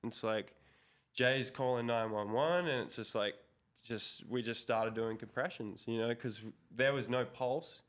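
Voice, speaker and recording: Unhurried, with a fairly bright mid-range voice, a young Australian man spins a story in a laid-back interview. As the guest, a pro BMX rider, he curses heavily and rambles with plenty of fillers.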